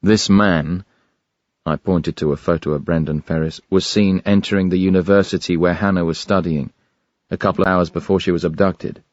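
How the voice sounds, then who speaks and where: A man narrating a thriller audiobook in the first person, with a measured, even delivery. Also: low voice, dry recording, dull audio.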